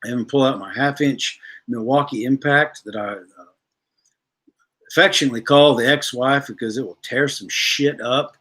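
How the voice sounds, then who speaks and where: A man's voice: medium pitch, normal speed, a bit bright. A man, hosting a livestream, ranting bluntly and profanely while reading viewer comments. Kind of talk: casual livestream rant.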